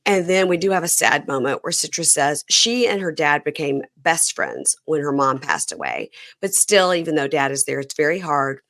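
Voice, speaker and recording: Bright-voiced woman telling a gossip story. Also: low-pitched, normal speed, hardly any pauses, no room sound, studio quality. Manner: animated storyteller who acts out quoted people; laughs often. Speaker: podcast host. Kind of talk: casual chat recapping a reality show.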